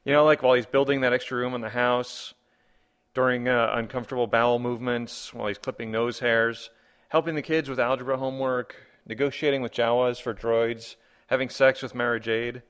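A man's voice: mid-range voice, steady tone, a little fast, fairly bright tone, smooth. A man hosting a comedy podcast, reading listener comments and rambling through wry rhetorical questions. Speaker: podcast host.

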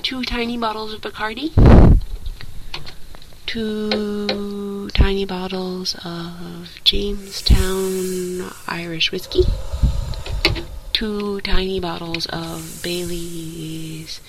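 Woman, slow deliberate listing, casual, loud noise behind her. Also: mid-range voice, little pitch movement.

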